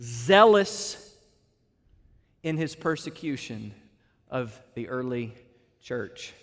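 A man's voice: medium pitch, lively intonation, takes it slowly, a bit bright. A male pastor preaching an expository sermon, emphatic and stretching key words for weight. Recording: long reverb of a large hall.

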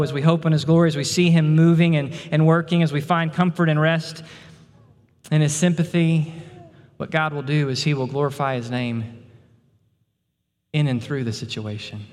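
A pastor preaches a sermon in a slightly high voice, earnest as he builds in intensity before sinking into a hushed, tender tone. The sound is that of a big room.

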